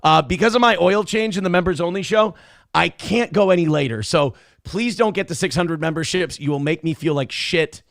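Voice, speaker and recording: A man hosting a live online show, talking casually and excitedly, cursing freely while thanking viewers for donations. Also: fairly high pitch, fairly quick, dry recording, clean studio sound. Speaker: livestream show host.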